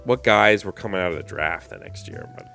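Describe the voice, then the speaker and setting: Hoarse, low-voiced male podcast co-host, animated and joking, with faint music underneath. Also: fairly quick. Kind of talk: casual chat, trivia game.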